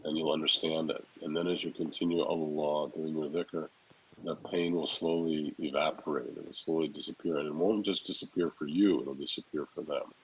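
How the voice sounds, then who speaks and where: A man, a Sufi teacher, gently answering a student's question, repeating phrases as he speaks. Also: extremely low pitch, steady tone, brisk, lo-fi sound, slight background noise. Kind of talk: spiritual teaching in Q&A.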